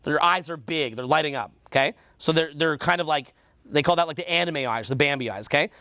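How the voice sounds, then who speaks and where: A man's voice: a little high, a little fast, pushed and bright, no echo. A man with a Canadian accent teaching a seminar, quizzing the audience and repeating their answers back. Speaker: dating coach.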